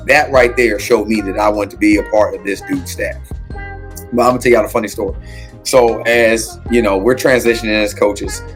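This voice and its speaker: A man in his thirties, an assistant basketball coach, telling stories casually and acting out quotes with big jumps in pitch. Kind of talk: casual storytelling interview.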